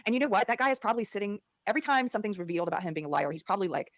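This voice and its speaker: Rapid earnest woman, lowish voice, dry close mic, keeps restarting. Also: dry recording. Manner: fast, earnest, many restarts. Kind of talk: conversational podcast talk.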